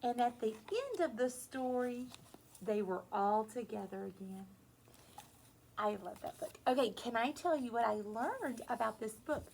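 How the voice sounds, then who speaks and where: High-voiced lady teacher reading a storybook to little kids, slow and sing-songy. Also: a little hiss or hum, rough recording. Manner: gentle, slow and sing-song, talking to small children. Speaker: preschool teacher. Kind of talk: reading a picture book to young children.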